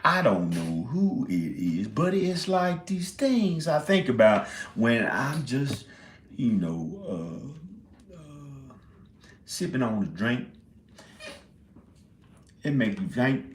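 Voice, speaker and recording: A man's voice: medium pitch, sing-song, slow pace, pauses often, fairly bright tone, slight background noise. A man in his forties rambling in a casual monologue, often laughing and swearing. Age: 40s. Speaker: indie filmmaker. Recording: roomy echo.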